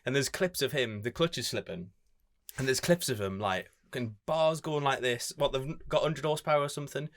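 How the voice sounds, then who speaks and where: A man banters on a podcast at a quick clip, his voice sitting at a middling pitch. He teases his co-host bluntly and swears freely as he tells his side of the story. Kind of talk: casual banter.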